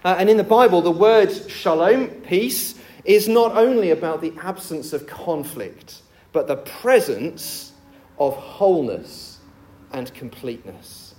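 A man preaching a sermon, explaining scripture with a lively, jokey storytelling delivery. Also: sits high, a little slow.

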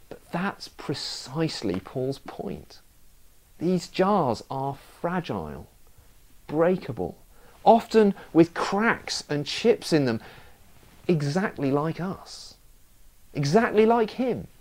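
A man's voice: a little high, big pitch swings, takes it slowly, darkish tone. A man preaching a sermon, telling stories with self-mocking humour.

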